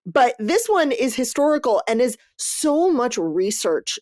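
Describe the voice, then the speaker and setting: A woman's voice: a little high, a little slow, no echo. Chatty woman podcast host, dry sound. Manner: lively, chatty, swears casually. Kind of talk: casual book review chat.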